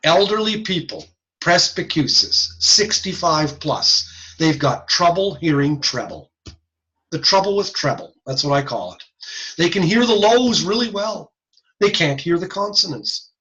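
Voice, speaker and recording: A man giving a recorded lecture on hearing and speech sounds, casual and animated, often demonstrating sounds aloud. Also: fairly high pitch, unhurried, dull audio.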